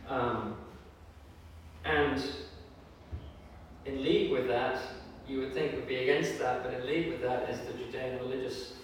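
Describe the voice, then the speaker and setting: Preacher in an echoing church hall. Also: male voice, medium pitch, steady tone, a little hiss or hum. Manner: earnest, measured delivery with fillers, voicing scripture quotes with rising force. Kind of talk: sermon. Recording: echoey hall from far off.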